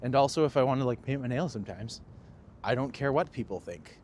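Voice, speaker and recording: A Canadian tour guide chats casually on a live stream while walking city streets, animated and self-deprecating. His mid-range voice runs a little fast, captured on a handheld phone with traffic noise behind him.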